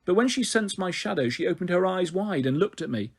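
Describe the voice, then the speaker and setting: A man reading a children's novel aloud in an expressive storytelling manner. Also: high-pitched, a little fast, vocal fry, breathy edge. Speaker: story reader.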